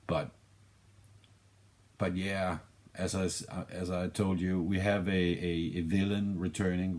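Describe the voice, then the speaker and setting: A man's voice: sits low, fairly even intonation, takes it slowly, pauses often, darkish tone. A man with a Danish accent giving a rambling, casual film review, often restarting his sentences and swearing offhandedly. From Denmark.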